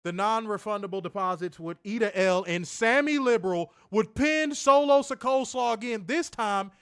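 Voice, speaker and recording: A man reviewing a wrestling show, ranting loudly with lots of swearing. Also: high voice, moderate pace, clear, resonant tone, no room sound, studio quality. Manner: loud profane ranting; calmer advice-giving. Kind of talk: ranting commentary.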